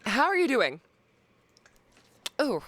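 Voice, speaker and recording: A streamer giving live gameplay commentary, excitable, swearing often and talking to chat. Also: high-pitched, slow, no echo.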